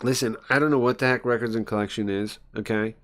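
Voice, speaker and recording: A man voicing a hostile police inspector with a high-pitched, near hysterical voice, shouting at newcomers. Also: fairly even intonation, quick pace, no echo, studio quality, natural voice. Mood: territorial. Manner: shouting, confrontational.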